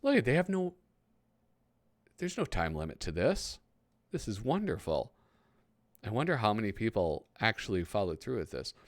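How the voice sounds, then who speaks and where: A man's voice: fairly low pitch, normal speed, pauses often, no room sound. A man in his thirties hosting a casual, rambling commentary while flipping through a magazine. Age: 30s. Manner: chatty, rambling, easily excited. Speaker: host.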